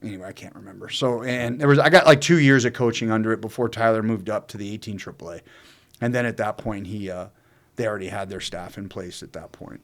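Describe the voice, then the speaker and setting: A man with a fairly low voice tells a long personal story in a casual, unscripted chat. He rambles and swears freely, loses his place and circles back with plenty of ums and restarts. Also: quick pace. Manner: rambling and profane, with many fillers and restarts. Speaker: co-host telling his own story.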